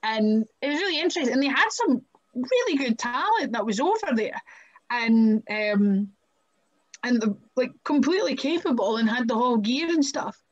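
Scottish lady wrestler chatting away, bit higher voice, lots of like and right, muffled lo-fi sound. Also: normal speed. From Scotland. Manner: chatty, animated, laughs often, fills with "like" and "right?". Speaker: wrestler, podcast guest. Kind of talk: casual storytelling interview. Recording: muffled lo-fi audio.

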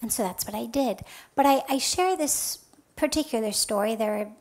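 A woman spiritual teacher telling a story in a talk. She is soft and earnest, and her voice often drops to a breathy near-whisper. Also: fairly high pitch, moderate pace, low-quality recording.

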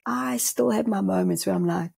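Gravelly, husky South African woman. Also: mid-range voice, normal speed. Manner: animated, laughs often, acts out inner voices. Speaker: spiritual medium guest. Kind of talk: podcast conversation.

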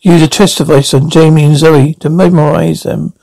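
A man's voice: fairly high pitch, fairly even intonation, moderate pace, creaky, warm tone, no echo, poor audio. A man narrating a script in a plain, amateur read-through, often stumbling and restarting.

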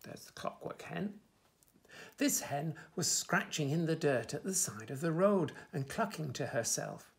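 A man reading a children's picture book aloud in a gentle, expressive way. His voice is slow and gravelly, swinging widely in pitch as he tells the story.

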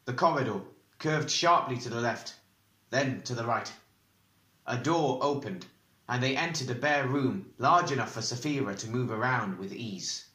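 A man narrating a fantasy audiobook chapter in a measured, even reading. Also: medium pitch, reverberant.

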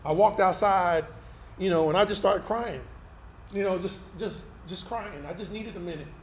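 High-voiced pastor sharing a candid testimony. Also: male voice, normal speed. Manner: candid, conversational, tag questions like "right?". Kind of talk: personal testimony sermon. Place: event hall used for Sunday service. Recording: roomy hall sound with faint noise.

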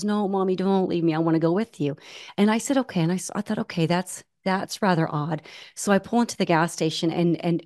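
Earnest storytelling woman, low voice. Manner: earnest, animated, acts out quoted voices. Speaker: guest, ultramarathon runner. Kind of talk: conversational storytelling.

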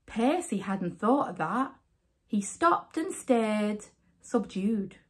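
A woman reading a rhyming children's picture book aloud as a storyteller, with an expressive, sing-song delivery. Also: on the high side, slow.

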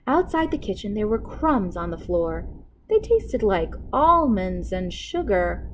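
A woman librarian reading a picture book aloud to children with expressive storytelling. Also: fairly high pitch, a little hiss or hum, low-quality recording.

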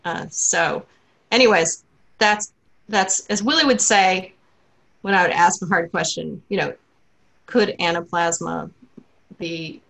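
A woman's voice: medium pitch, measured pace, vocal fry, a bit bright, low-quality recording. A woman science writer answering audience questions in a webinar, earnest and worried, talking loosely with fillers over a video call. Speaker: science writer and author guest.

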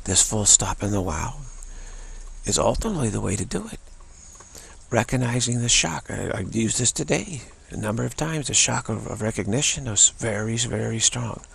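A man giving an unscripted spiritual talk, halting and repeating words between pauses. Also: mid-range voice, lively intonation, fairly bright tone. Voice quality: gravelly, husky. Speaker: spiritual teacher.

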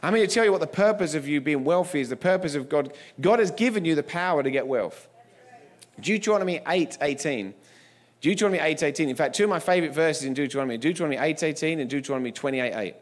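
High-voiced male preacher, emphatic. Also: fast talker. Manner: humorous storytelling, emphatic. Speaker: guest preacher. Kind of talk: sermon.

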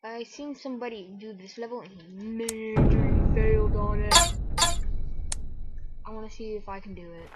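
A woman giving let's play commentary on a game, muttering to herself and breaking into excited yelps and exclamations. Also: medium pitch, quick pace, hardly any pauses, lo-fi sound, background noise. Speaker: gamer.

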